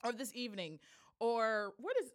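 A woman's voice: a little high, normal speed. A woman from Michigan hosting a casual podcast, bubbly and playful, laughing often. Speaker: podcast host. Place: Chicago.

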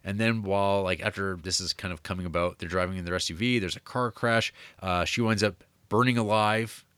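A man's voice: low-pitched, steady tone, a little fast, a bit bright, smooth, no echo. A man co-hosting a podcast, chatting casually about horror films in a rambling, profane way with lots of fillers. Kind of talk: casual chat.

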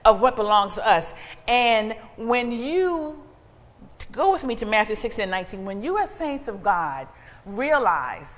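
Animated woman preacher in a reverberant church. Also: fairly high pitch, unhurried. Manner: animated, conversational, calls out to the congregation. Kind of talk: sermon with personal testimony. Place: church sanctuary.

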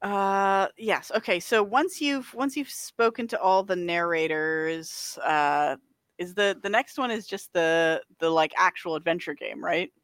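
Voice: medium pitch, unhurried, fairly bright tone, smooth, dry recording, studio quality. A podcast co-host in casual chat, rambling with many filler words and frequent laughs. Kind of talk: casual chat about a video game.

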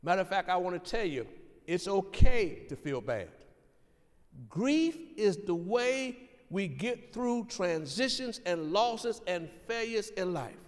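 A man preaches a sermon in a notably high voice. He speaks earnestly and with emphasis, driving his points home by repeating them. A long reverb from a large hall trails each phrase. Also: lively intonation, takes it slowly. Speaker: pastor.

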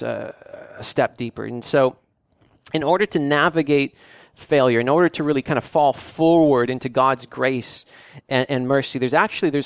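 A man's voice: a little high, dry recording. A man preaching a sermon as pastor, earnest and often repeating and restarting his words.

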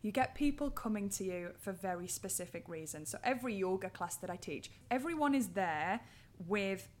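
A woman's voice: medium pitch, animated, moderate pace. A woman with a Durham accent hosting a podcast from her home, talking in a chatty, reflective way and laughing easily. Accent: Durham, North East England. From Durham, England. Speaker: podcast host. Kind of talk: casual conversational podcast chat.

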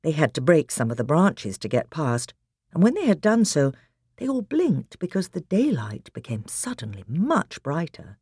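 A woman reads a children's story aloud in a low, slightly husky voice. Her delivery is expressive and lively, rising and falling freely. The sound is close and dry. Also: moderate pace, dry recording. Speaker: audiobook narrator. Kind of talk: audiobook narration of a children's novel.

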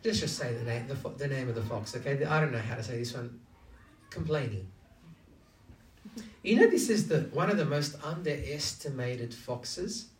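A man's voice: medium pitch, lively intonation, normal speed, slight background noise. A man preaching a conversational sermon who keeps asking his listeners questions. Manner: engaging, asks the audience many rhetorical questions. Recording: echoey room, distant from mic.

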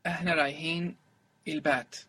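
A male language student answering drills with short phrases. His voice sits a bit high and sounds bright and husky, and he speaks very quickly. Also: flat delivery.

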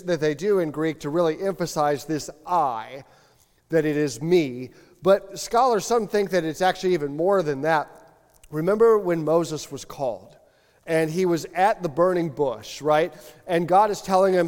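A man's voice: on the high side, measured pace. Man preaching in a reverberant hall. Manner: conversational, animated, acts out biblical dialogue. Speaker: pastor. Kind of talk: sermon. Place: church sanctuary.

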